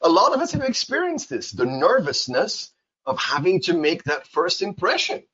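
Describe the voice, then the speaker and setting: Lively, playful male English teacher. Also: high-pitched, moderate pace, slightly rough. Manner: playful, acts out dialogues with exaggerated voices. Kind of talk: casual spoken English lesson. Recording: slightly dull, lo-fi sound.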